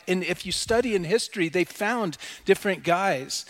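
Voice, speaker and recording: A middle-aged man preaching a sermon in a church, swinging from loud proclamation to quiet, confessional asides. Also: high voice, lively intonation, moderate pace, few pauses. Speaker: pastor.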